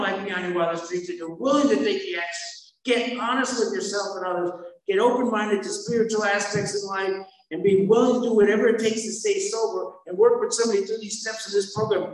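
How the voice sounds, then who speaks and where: A middle-aged man telling his recovery story at a meeting, blunt and rambling, often stopping to restart his sentences. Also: sits high. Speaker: speaker sharing at a recovery meeting. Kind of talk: personal recovery testimony. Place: meeting hall. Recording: very echoey hall, from far off.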